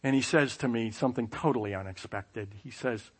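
A man telling a personal story with self-mocking humor, lively sound effects and playful asides. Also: medium pitch, fairly quick, few pauses, breathy edge. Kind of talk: personal anecdote.

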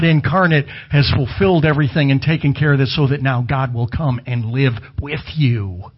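Husky-voiced man preaching a sermon. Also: medium pitch, normal speed, hardly any pauses, dull audio. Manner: conversational, with asides and self-corrections. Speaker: pastor. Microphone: camera video with slides behind him.

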